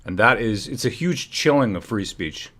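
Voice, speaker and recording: A man's voice: lowish voice, lively intonation, moderate pace, fairly bright tone, soft background music. A man hosting a live stream, commenting heatedly and often restarting his phrases. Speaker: livestream host.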